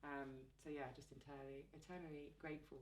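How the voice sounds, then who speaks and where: A low-pitched woman leads the interview, backing her guest with frequent murmurs of agreement and easy laughter. Her voice sits in a roomy, echoey space, with a faint hum underneath. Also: flat delivery, fast talker. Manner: affirming, many "mm"s, warm laughter. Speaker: podcast host, interviewer. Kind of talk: conversational interview.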